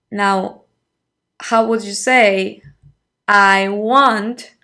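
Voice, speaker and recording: A woman's voice: mid-range voice, sharp tone. A woman teaching a Spanish lesson online, patiently repeating phrases for a learner and praising each answer.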